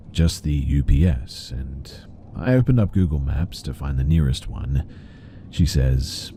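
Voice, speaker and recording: A man narrating a first-person horror story in a calm, measured reading. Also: extremely low pitch, slight background noise.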